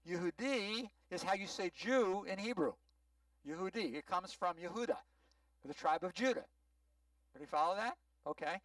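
A rabbi giving a sermon-style teaching, explaining words patiently and often checking whether the congregation follows. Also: male voice, sits high, animated, brisk, a bit bright, dry recording, far from the mic, low-quality recording. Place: synagogue sanctuary.

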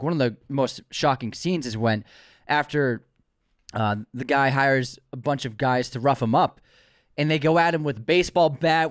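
A man's voice: medium pitch, no echo, clean studio sound. A man co-hosting a podcast in casual chat, talking with enthusiasm and teasing his partner. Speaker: podcast co-host.

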